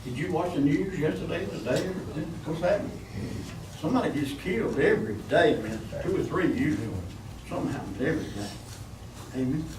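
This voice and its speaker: A man's voice: a little high, animated, brisk, distant mic, background noise. A man preaching a folksy sermon, calling out for amens from the congregation. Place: church. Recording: echoey church room, mic from afar.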